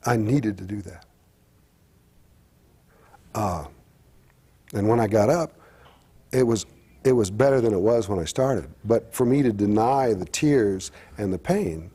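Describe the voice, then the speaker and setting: A middle-aged man talking candidly as a guest, halting and reflective, with frequent restarts. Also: lowish voice, animated, mellow, breathy edge. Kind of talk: candid personal talk-show conversation.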